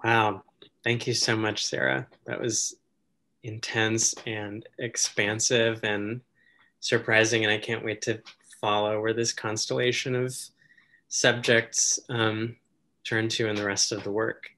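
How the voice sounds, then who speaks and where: Male host thanking a reader, slow and monotone, bright tone. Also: on the low side. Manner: slow, halting, with fillers. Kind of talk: casual thanks after a reading.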